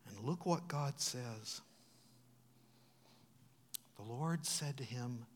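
Preaching man, booming then hushed. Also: extremely slow, long pauses. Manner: dramatic, sweeping swings from loud to hushed. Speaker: pastor. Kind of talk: sermon. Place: church sanctuary.

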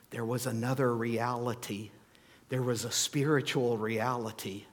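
A man preaching as a pastor, telling the story in an animated way, acting out scenes with playful asides. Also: mid-range voice, unhurried. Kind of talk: sermon. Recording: long hall reverb.

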